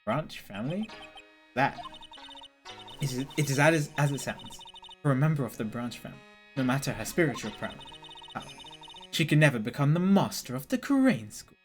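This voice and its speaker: A man's voice: medium pitch, very animated, normal speed, long pauses, faint music behind, close to an everyday voice. A man voicing a formal, stern older woman from a game, reading her dialogue aloud in an archaic, scolding manner. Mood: solemn.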